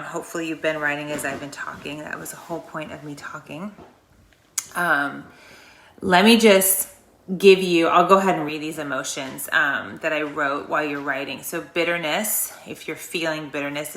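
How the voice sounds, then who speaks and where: A woman's voice: sits low, normal speed, pushed and bright, reverberant, a little hiss or hum. A woman hosting a wellness channel, guiding an emotional release exercise in a chatty, rambling, earnest way. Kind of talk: guided emotional release talk.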